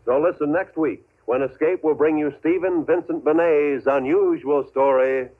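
A man's voice: on the high side, moderate pace, breathy edge. A man reading credits and promotions as a formal 1950s radio announcer. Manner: formal and polished. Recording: dull old radio broadcast.

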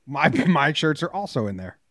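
A man's voice: a little high, sing-song, normal speed, fairly bright tone, no room sound. Dry, teasing male podcast co-host. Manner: joking, teasing, reads ad copy playfully. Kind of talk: casual sports chat.

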